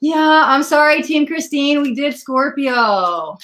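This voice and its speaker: A woman with a slightly high voice runs a live tarot reading, chatting casually with viewers as she pulls cards. She gets excitable and gushing, laughing easily, and her voice comes through a laptop's built-in mic. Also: takes it slowly. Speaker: tarot reader.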